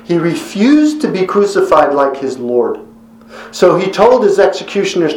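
Male preacher, slightly high voice, earnest conversational sermon with emphatic quotes, echoey room. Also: sing-song, moderate pace, darkish tone.

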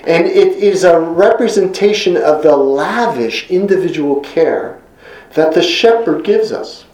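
A man preaching a sermon in an earnest, emphatic way, slowing down to stress key phrases. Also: on the high side, expressive, darkish tone, echoey room, poor audio.

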